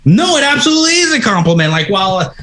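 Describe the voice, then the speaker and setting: A man's voice: sits high, very animated, quick pace, a bit bright, slight background noise. A man co-hosting a casual comedy podcast, crude and profane, mocking people and slipping into silly voices. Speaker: podcast co-host, restaurant worker.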